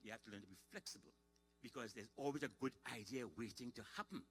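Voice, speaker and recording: A man's voice: mid-range voice, slight background noise. A middle-aged man, telling folksy comic stories on stage at a ceremony. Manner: lively, folksy, quick to shift into voices. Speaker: storyteller and comedian. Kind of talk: live comic storytelling.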